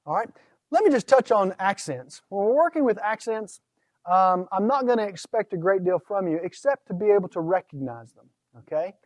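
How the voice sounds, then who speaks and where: High-voiced man teaching Greek pronunciation. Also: expressive, moderate pace, no echo. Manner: teacherly, asks questions and answers them. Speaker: Greek instructor. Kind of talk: recorded course lecture.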